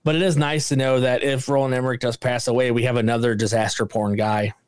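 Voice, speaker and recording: A man's voice: mid-range voice, quick pace, smooth, no room sound. Guy ranting about movies on a podcast, swears a lot, dry close mic sound. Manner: animated, swears a lot, rants with raised voice. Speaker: podcast co-host. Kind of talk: casual movie review chat.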